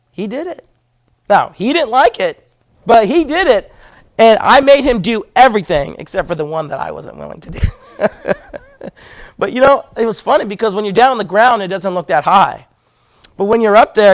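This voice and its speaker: A man, teaching a Sunday school class in a church classroom. He talks in a conversational, storytelling way and asks the class questions. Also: sits high. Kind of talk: conversational Bible lesson.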